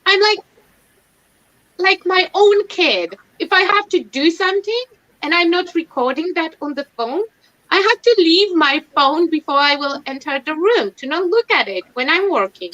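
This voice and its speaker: High, bright woman chatting on a stream. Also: animated, moderate pace. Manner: chatty, self-mocking, laughs often. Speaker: livestream host. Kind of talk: casual chat. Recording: dull lo-fi stream audio.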